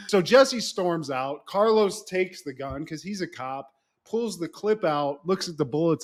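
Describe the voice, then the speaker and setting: This podcast co-host, a man with a fairly high voice, recaps a TV episode in casual chat. He's animated yet unhurried, swears freely, and acts out the characters' lines.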